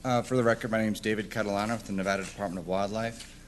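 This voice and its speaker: A man giving a formal, measured public comment to a city council as a wildlife biologist. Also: fairly low pitch, steady tone, a little hiss or hum. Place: council chamber.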